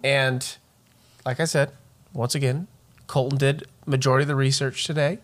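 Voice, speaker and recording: A man's voice: mid-range voice, level tone, normal speed. A man co-hosting a casual comedy podcast, joking, swearing and laughing often. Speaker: podcast co-host.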